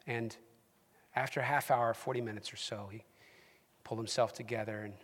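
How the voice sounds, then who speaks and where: Man, pastor, sermon, loud to whispered delivery, reverberant hall. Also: mid-range voice, steady tone, a little fast. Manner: dramatic swings from loud, shouted emphasis to hushed whispers. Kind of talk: sermon storytelling.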